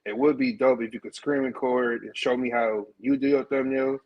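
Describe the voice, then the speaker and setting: A man calling in to a live show, talking in an excited, rambling, slangy way. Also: medium pitch, moderate pace, muffled recording. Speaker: caller. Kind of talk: casual call-in chat.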